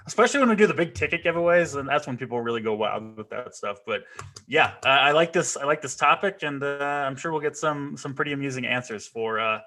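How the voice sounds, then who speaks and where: A man's voice: mid-range voice, lively intonation, fast talker, pushed and bright. A man joking bluntly as a co-host in casual sports betting talk. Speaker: fantasy sports analyst.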